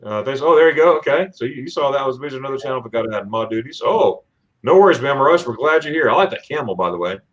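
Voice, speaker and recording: A man's voice: medium pitch, expressive, fast, fairly bright tone, dull audio. A man from Florida hosting a casual livestream, reading out viewer comments in a rambling, chatty way with plenty of fillers and restarts. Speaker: livestream host.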